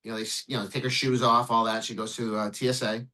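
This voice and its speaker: A man, an immigration lawyer, recounts a case in a podcast interview. He talks at a rapid clip in a bright, forceful voice. He is animated and blunt, swears freely and plays out the back-and-forth himself. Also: mid-range voice, rough recording. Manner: animated, profane, acts out dialogue.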